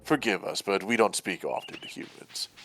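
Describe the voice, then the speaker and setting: A man voicing an ancient fey spirit in deer form that speaks slowly and grandly, calling itself "we". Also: on the low side, lively intonation, creaky, fairly bright tone, slight background noise, voice pushed down. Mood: condescending. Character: ancient archfey in deer form, regal and menacing.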